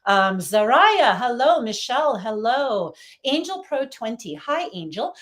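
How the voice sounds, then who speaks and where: A woman's voice: on the high side, very animated, measured pace, fairly bright tone. A woman hosting a casual phone livestream, giving psychic readings in a chatty, upbeat way and talking straight to her viewers.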